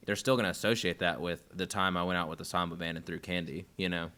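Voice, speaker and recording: A man hosting a podcast, chatting casually and thinking out loud with lots of fillers. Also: low voice, steady tone, quick pace. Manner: rambling, thinks aloud with many fillers. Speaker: podcast host.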